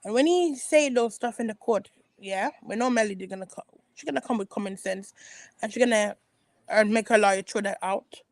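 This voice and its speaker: A woman vlogger delivers casual opinion commentary, hammering her points with repetition and quick restarts. Her pitch sits in an ordinary middle range. The sound is dry and close. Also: no room sound. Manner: emphatic and repetitive, with frequent restarts.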